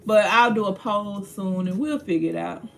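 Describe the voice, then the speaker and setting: A woman's voice: mid-range voice, normal speed, vocal fry. Chatty woman host greeting viewers. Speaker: livestream host. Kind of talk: casual livestream chat.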